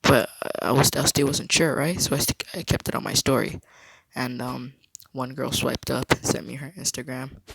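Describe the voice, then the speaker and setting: Male vlogger, mid-pitched and raspy with fry, casual storytelling over a noisy background. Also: fairly even intonation, normal speed, a bit bright. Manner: low-key, rambling storytelling.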